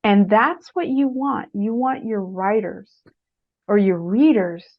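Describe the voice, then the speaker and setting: A middle-aged author and guest speaker with a medium-pitched voice talks slowly about writing in an interview. Animated as a storyteller, she raises her voice to act out quotes, all captured in muffled, lo-fi audio.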